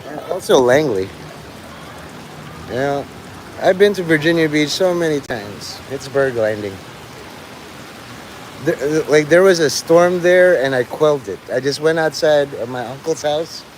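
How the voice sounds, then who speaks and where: A man's voice: a little high, unhurried, long pauses, a little hiss or hum, rough recording. A middle-aged man rambling crudely in a monologue while out in the rain, swearing and joking to himself. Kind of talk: rambling outdoor livestream monologue. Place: outdoors in the rain near traffic.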